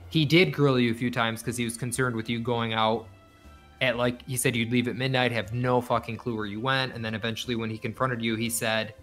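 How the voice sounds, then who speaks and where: A man's voice: medium pitch, fairly quick, faint music behind. A man casually telling a story, acting out the voices of the people in it and swearing freely. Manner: animated, acts out quoted voices, swears freely. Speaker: podcast guest.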